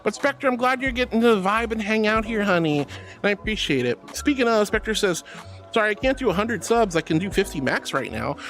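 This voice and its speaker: A woman's voice: mid-range voice, very animated, a little fast, soft background music. A woman streamer chatting casually and reading out viewer messages, bubbly and affectionate and calling everyone sweetie and honey. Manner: giggly, teasing.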